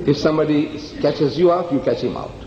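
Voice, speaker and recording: A man's voice: on the high side, wildly swooping pitch, brisk, creaky, background noise. Emphatic male lecturer in an echoey hall. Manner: emphatic storyteller, acts out dialogue. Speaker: lecturer on comparative religion. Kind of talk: public lecture, storytelling. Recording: echoey hall, dull old recording.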